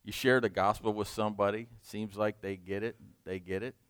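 A man leading a Bible study, reading scripture slowly and explaining it in a conversational way. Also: fairly low pitch, fairly even intonation, a bit bright, clean tone, no echo. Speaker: Bible teacher.

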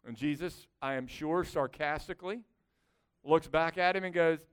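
A man preaching a sermon in a conversational, animated way, with sarcastic asides. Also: a little high, normal speed, smooth. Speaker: pastor.

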